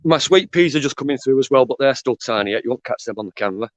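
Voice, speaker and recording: A man with a Northwest England accent, chatting as a guest gardener on a video call, deadpan and halting with restarts. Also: mid-range voice, no echo. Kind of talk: casual chat.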